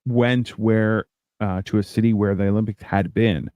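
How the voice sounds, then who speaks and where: A man's voice: on the low side, steady tone, normal speed, warm tone, no room sound. A man hosting a podcast, chatting casually in a rambling, joking, self-mocking way. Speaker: podcast host. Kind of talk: casual comedic chat.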